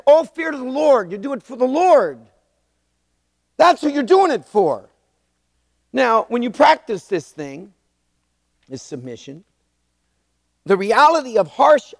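Older male pastor in his sixties, animated storyteller with a wide-ranging pitch, close dry mic. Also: no room sound, in a large hall. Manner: animated storytelling, emphatic repetition. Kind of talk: sermon.

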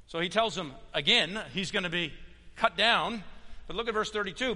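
A man preaching a sermon as pastor, emphatic, swinging between loud declarations and hushed stretches. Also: sits high, moderate pace, big-room sound.

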